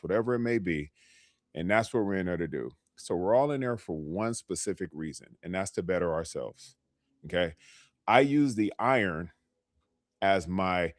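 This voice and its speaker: Lower-pitched man, dry motivational coaching talk. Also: no echo. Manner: conversational, motivational, frequent "okay?" check-ins. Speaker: health coach. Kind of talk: live-stream coaching talk. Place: lives in California.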